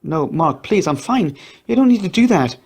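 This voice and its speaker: A man's voice: sits high, lively intonation, moderate pace, a little mellow, slightly rough, pitched above the performer's own voice, full character voice. A man voicing a distressed grown woman who pleads through tears in a read-aloud audio story. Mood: tearful pleading. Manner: pleading, voice raised.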